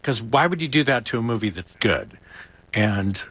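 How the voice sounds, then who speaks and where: A man's voice: medium pitch, expressive, normal speed, fairly bright tone, slightly rough, no echo. A man being interviewed as an actor guest, talking in a chatty way with frequent chuckles and restarts.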